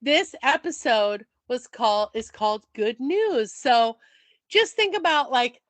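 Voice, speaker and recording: A woman's voice: a little high, animated, measured pace, dry recording. A woman co-hosting a podcast in casual chat, playful and teasing, with lots of "like". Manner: playful, teasing, says "like" a lot. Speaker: podcast co-host.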